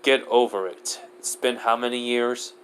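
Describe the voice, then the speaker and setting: A man voicing a calm, all-knowing deity in a fan story, brisk and dismissive. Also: mid-range voice, slight background noise, natural voice.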